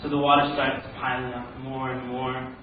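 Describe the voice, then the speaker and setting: A man's voice: mid-range voice, moderate pace, a little hiss or hum. A man from Canada giving a religious talk, telling a story and acting out its characters. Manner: animated, voices the characters in his story. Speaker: speaker. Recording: roomy lo-fi sound from far off.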